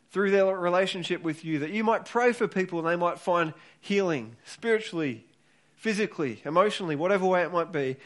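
High-voiced earnest male preacher. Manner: earnest, urging, repeats words as he builds each point. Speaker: pastor. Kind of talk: sermon.

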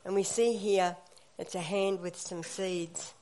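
A woman's voice: lowish voice, steady tone, unhurried, darkish tone. A woman leading a church gathering, giving an encouraging devotional talk with frequent fillers.

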